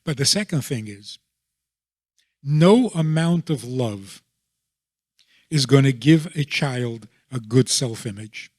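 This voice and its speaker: A man being interviewed as a rabbi, explaining his views in a deliberate way and often checking in with a rhetorical question. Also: medium pitch, expressive, darkish tone, dry recording, clean studio sound.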